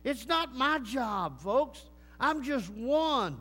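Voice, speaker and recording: A man preaching a sermon and telling a moving story, swinging between loud bursts and hushed lines. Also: very high-pitched, sing-song, slow pace. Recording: long echoing church hall reverb.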